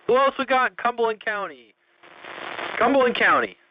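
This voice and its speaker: Man, high voice, chatty radio host, muffled sound. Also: very animated, normal speed. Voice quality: chatty, joking, laughs often. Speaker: net control host of a radio check-in. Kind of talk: casual radio chat. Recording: muffled audio with faint noise.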